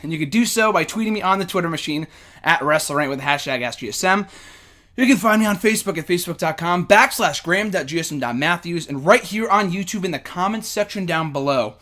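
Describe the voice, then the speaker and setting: A man hosting a casual fan Q&A vlog, excited and rambling, out of breath and swearing now and then. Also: sits high, quick pace. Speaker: host.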